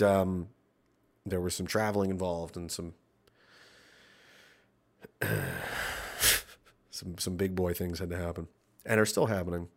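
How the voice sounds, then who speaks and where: A man hosting a podcast, ranting with profanity and reading out chat comments. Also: fairly low pitch. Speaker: podcast host.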